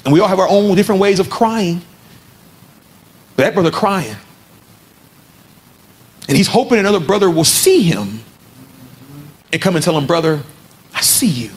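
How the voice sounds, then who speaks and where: A man's voice: sits high, animated, moderate pace, long pauses, a little mellow. A man preaching a sermon to a men's gathering, telling a story and then building to fervent exhortation.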